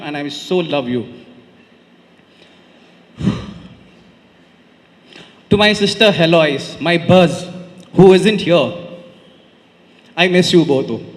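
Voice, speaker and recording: Young man, Indian English accent, heartfelt wedding speech, slightly high voice, long hall reverb. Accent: Indian English, Konkani. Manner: heartfelt, tag questions "right?". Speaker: groom giving a wedding speech. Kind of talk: emotional wedding reply speech. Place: large banquet hall.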